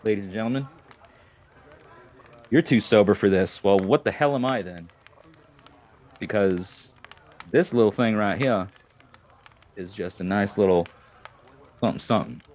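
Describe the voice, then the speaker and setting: Man, low voice, rambling, joking, live-stream gamer. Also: measured pace, pauses often, a little mellow. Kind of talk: casual live-stream chat.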